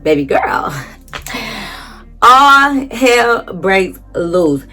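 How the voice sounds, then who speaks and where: A woman's voice: mid-range voice, sing-song, extremely slow, pushed and bright, faint music behind. A young woman vlogger telling a dramatic storytime story casually, acting out quotes and swearing freely.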